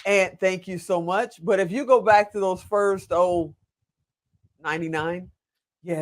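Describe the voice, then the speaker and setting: A man's voice: sits high, steady tone, measured pace. A man hosting a casual video interview, chatty and asking long, rambling questions. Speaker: interview host.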